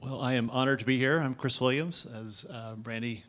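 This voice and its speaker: A man gives a town hall speech as an invited speaker and author. He talks in a gracious, halting way with many fillers. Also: medium pitch, noisy background. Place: conference event.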